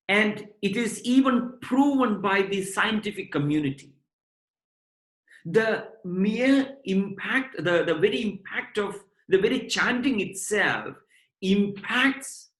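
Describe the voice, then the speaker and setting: A man giving a devotional lecture on scripture to his students, explaining point by point in a measured way. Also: high voice, fairly bright tone. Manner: measured, explanatory, addresses listeners as brothers and sisters. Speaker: spiritual lecturer. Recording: roomy echo.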